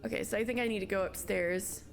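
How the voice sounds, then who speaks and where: A woman streaming a live game playthrough, excitable and swearing, with loud startled outbursts. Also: mid-range voice, fast, vocal fry, over music.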